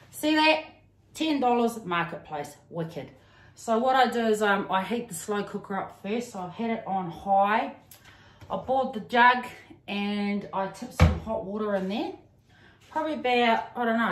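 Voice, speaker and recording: A woman's voice: medium pitch, expressive, a little slow. A middle-aged woman from New Zealand with a Kiwi accent touched by Australian, giving a homely, chatty cooking demonstration in her home kitchen, full of ums and slang. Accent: New Zealand with some Australian. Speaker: home cook. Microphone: camera on a stand, away from the speaker. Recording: echoey room, mic at a distance.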